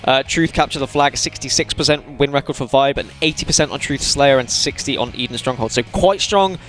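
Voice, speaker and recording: A man's voice: mid-range voice, brisk, a bit bright, soft background music. A man doing esports analysis, reeling off win rates and statistics. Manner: reels off statistics. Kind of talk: stats-focused esports commentary.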